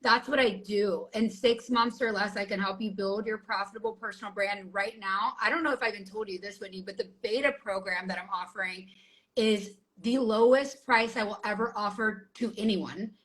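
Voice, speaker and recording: A woman hosting a podcast as a business coach, talking upbeat and persuasively in quick bursts. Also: medium pitch, fairly even intonation, fairly bright tone, rough recording. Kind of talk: podcast conversation with a sales pitch.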